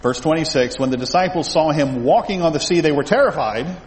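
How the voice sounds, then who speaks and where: A man's voice: on the high side, expressive, brisk. A male pastor preaching an expository sermon in a conversational way, with restarts and asides to the congregation, in a church sanctuary. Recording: echoey hall, faint ambience.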